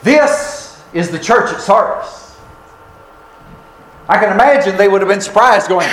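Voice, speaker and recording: A high-voiced man preaches a sermon, spinning a folksy story with long, drawn-out pauses. His voice carries through an echoey church room over a faint hum of ambience. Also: animated, fairly bright tone.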